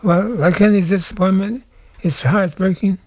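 An older man from the United States answers interview questions in a soft-spoken, halting way, often repeating words as he thinks. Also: high-pitched, fairly even intonation, no room sound. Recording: faint music underneath.

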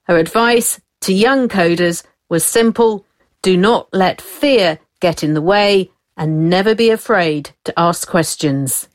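A woman reading a short scripted profile in an even, unhurried way. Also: on the low side. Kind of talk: scripted narration.

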